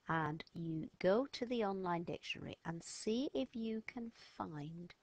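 A woman's voice: on the low side, no echo. Patient woman teaching children. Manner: patient, sounds words out slowly and emphatically. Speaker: French teacher. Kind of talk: recorded language lesson for children.

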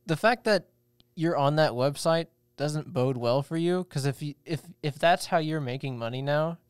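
Young man, smooth voice, rambling podcast chat. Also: on the high side, normal speed, dry recording, studio quality. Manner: rambling, joking, many restarts. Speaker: podcast co-host. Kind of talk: casual chat.

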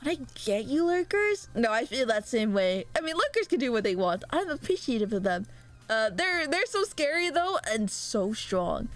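A woman's voice: fairly high pitch, very animated, normal speed, faint music behind. Giggly, rambling young woman streamer. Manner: rambling, giggly, chatting with viewers. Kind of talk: casual livestream chat.

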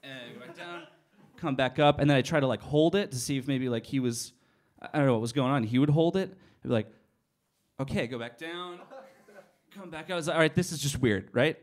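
A man telling stand-up stories on a small cafe stage, animated and swearing freely as he acts out each scene. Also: medium pitch, fairly quick. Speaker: stand-up comedian. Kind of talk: stand-up storytelling.

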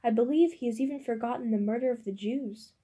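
Troubled young medieval girl, read by a woman, earnest, mellow voice, audiobook. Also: a little high, fast talker, slightly rough. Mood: worried. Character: frightened young woman apothecary's daughter.

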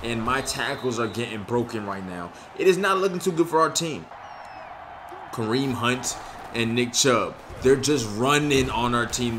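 A young man giving casual, slangy commentary on his own video game play, excitable and frustrated. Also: medium pitch, noisy background. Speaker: gaming YouTuber.

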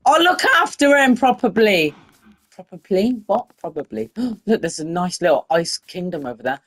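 A woman giving casual, excitable commentary while playing a game and talking to the animals in it. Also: fairly low pitch, moderate pace. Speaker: gaming video creator.

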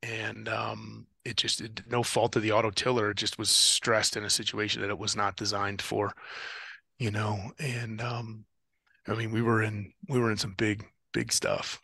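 A man's voice: on the low side, normal speed, vocal fry, breathy edge, dry recording. A man telling stories from an ocean rowing race in a casual interview, acting out the voices and radio calls. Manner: animated storyteller, acts out radio calls. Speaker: guest, ocean rower and former Marine officer.

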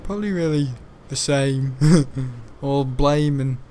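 A man's voice: mid-range voice, slow pace, warm tone, slight background noise. A man giving casual, rambling gameplay commentary, joking and laughing often. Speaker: gaming channel host.

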